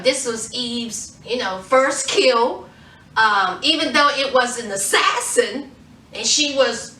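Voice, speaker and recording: A woman recaps a TV episode for her vlog, acting out the characters' lines as she tells the story. Her voice is high and swoops widely in pitch. She sits a little way from the mic in a room with a noticeable echo. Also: pushed and bright. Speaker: TV show reviewer. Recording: roomy echo, distant from mic.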